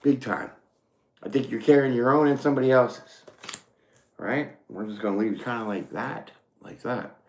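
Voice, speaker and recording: A man's voice: medium pitch, normal speed, roomy sound. A man doing a casual live tarot reading, a swearing storyteller who rambles and laughs often. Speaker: tarot reader; former mechanic.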